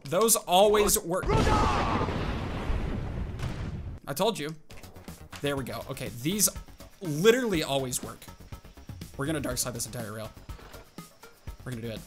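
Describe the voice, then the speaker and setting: A man hosting a gaming video, giving excitable live commentary full of exclamations as he plays. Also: on the high side, measured pace, pauses often, over music. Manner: excitable, exclaiming and self-hyping. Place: at a home computer desk.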